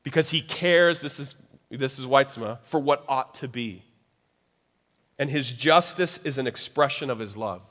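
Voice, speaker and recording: A man's voice: medium pitch, measured pace, fairly bright tone. A man preaching a sermon in a loose, conversational way. He acts out quoted voices and keeps checking in with "right?". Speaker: pastor. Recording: long hall reverb.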